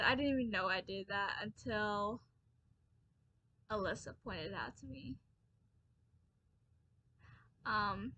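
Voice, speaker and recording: A woman's voice: on the high side, sharp tone. Tired young woman chatting to camera. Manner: rambling, many fillers and restarts, laughs at herself. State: tired, early-morning exhausted. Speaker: book vlogger. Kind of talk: casual chat to camera.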